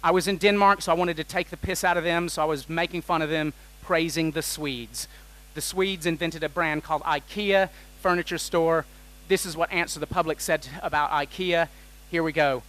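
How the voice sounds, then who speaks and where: A man giving an energetic, joking talk on a conference stage, tossing questions at the audience. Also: high-pitched, normal speed, low-quality recording. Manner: energetic and jokey, quizzing the audience. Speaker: conference keynote speaker.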